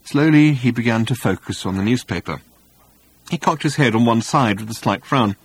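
Man narrator, audiobook, wry storytelling, lively pitch, husky, dry close mic. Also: moderate pace.

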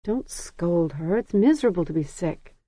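A narrator voicing a gentle young woman who speaks softly, barely above a whisper. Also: on the low side, animated, moderate pace, no echo. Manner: soft, near-whispered. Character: shy young woman, gentle and soft-spoken.

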